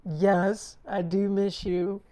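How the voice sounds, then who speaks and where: A man voicing an affectionate young woman on the phone, soft and coaxing, within his own story. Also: sits high, level tone, slow pace, clean tone.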